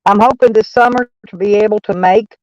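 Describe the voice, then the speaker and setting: A woman's voice: medium pitch, fairly even intonation, brisk, darkish tone, dry recording, muffled recording. A woman with a Texan accent chatting casually on a live stream, rambling and swearing freely as she thanks viewers. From Texas. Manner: rambling, profane, folksy.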